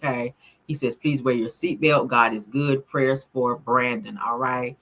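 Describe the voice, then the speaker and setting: A woman's voice: very deep voice, steady tone, measured pace, fairly bright tone. A woman vlogger reacting to news clips in a sassy, chatty way, laughing often and calling her viewers honey and child. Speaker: commentary vlogger. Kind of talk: casual reaction commentary.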